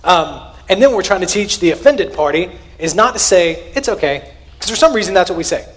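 Earnest man preaching, slightly high voice. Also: animated, brisk. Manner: earnest, conversational preaching with sudden emphatic rises and quiet asides. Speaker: pastor. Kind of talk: sermon.

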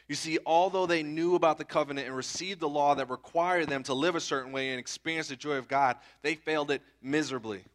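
This sermon comes from a man in his thirties whose medium-pitched voice is a bit bright. He keeps it conversational, often asking listeners "okay?" and "right?".

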